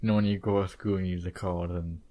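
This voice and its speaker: A man's voice: low voice, level tone, quick pace, dark tone. A young man in casual chat, rambling and hesitant with many fillers.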